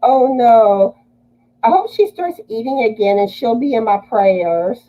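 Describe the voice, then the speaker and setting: A woman's voice: a little high, lively intonation, a little slow, mellow, low-quality recording. A woman from Louisiana hosting a casual livestream, greeting viewers and reading their comments aloud.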